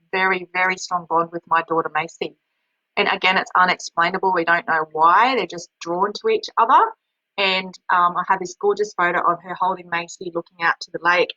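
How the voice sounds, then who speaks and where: A woman's voice: fairly low pitch, sharp tone, no room sound, lo-fi sound. A woman hosting a webinar, talking casually and rambling with many restarts. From Australia. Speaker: webinar host and healer.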